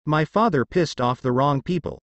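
Brash young ninja boy, blunt, exasperated, read by a man, lively, dry. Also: fairly high pitch, moderate pace, no room sound, lo-fi sound.

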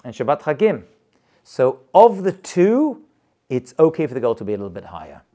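A male rabbi gives an informal class to a small live group. His pitch sits in an ordinary middle range but rises and falls with wide, lively swings. He speaks emphatically, repeats himself to drive points home, and chuckles now and then. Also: moderate pace.

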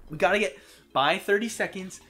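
A man's voice: high-pitched, a little fast, bright, forceful tone, soft background music. A man giving casual gameplay commentary, exasperated and swearing constantly at the game. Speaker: let's play host.

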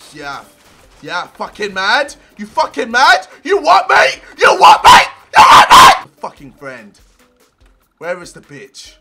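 A young man giving loud, profane gameplay commentary, shouting and yelping at the game. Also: extremely high pitch, huge pitch swings, slow pace, creaky, soft background music. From England. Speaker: gaming video creator.

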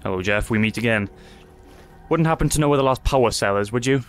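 A man narrates his own gameplay with a steady stream of nervous, profane chatter, breaking into sudden yelps when things go wrong. His voice sits at an ordinary middle pitch, with a little music playing faintly underneath. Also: quick pace. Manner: jittery, swearing, yelps in panic. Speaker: gaming YouTuber. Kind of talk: live let's-play commentary.

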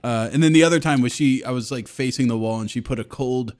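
A man's voice: mid-range voice, fast talker. A man in his thirties chatting casually on a podcast, telling stories with lots of laughter. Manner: laughing, animated storytelling. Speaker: podcast co-host. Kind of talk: casual chat.

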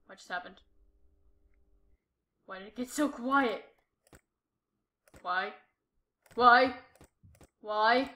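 A woman's voice: mid-range voice, slow, pauses often, a bit bright, roomy sound. A woman giving jumpy commentary while playing a horror game, talking to herself and repeating short exclamations. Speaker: gameplay streamer.

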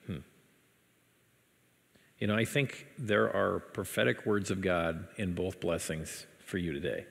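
Gravelly-voiced pastor preaching in a reverberant church. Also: male voice, low voice, normal speed. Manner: dramatic reading, animated asides with laughs. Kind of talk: sermon with scripture reading. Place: church sanctuary. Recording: church hall with long reverb.

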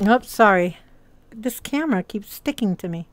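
A woman with a medium-pitched, expressive voice speaks at a normal speed while live-streaming from a VR headset. She talks casually and brightly to her chat, greeting them, while muttering and swearing under her breath as she fiddles with settings.

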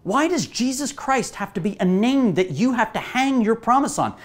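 A woman pastor preaching a sermon in an animated way, asking the listeners rhetorical questions. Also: a little high, moderate pace.

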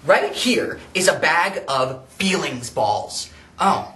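Encouraging teaching artist, bright echoey sound. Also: mid-range voice, very animated, slow. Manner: gentle, encouraging, addresses viewers directly. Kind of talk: children's drama workshop. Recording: echoey room, mic at a distance.

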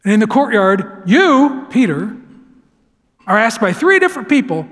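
Male pastor, high voice, preaching in a church with long reverb; dramatic swings between loud and hushed. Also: sing-song, unhurried, pauses often. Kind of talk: sermon. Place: church sanctuary.

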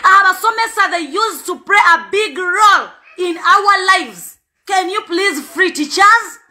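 High, bright-voiced Ugandan woman, impassioned. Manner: emphatic, repeats words, switches between two languages. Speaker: parent speaking out. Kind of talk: impassioned spoken appeal.

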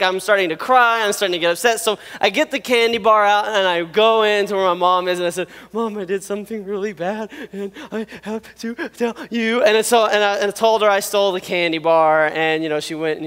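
A man with a high voice preaches to a congregation, telling his own story with animated, self-deprecating humor and frequent laughter. His voice rings out with a long reverb from a large hall. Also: clean tone. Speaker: pastor. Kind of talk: sermon with personal storytelling.

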